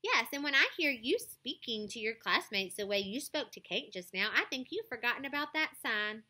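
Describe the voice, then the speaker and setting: A woman's voice: on the high side, moderate pace, pitched above the performer's own voice. A woman voicing a kind but firm schoolteacher in a read-aloud children's story. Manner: calm, firm and clear.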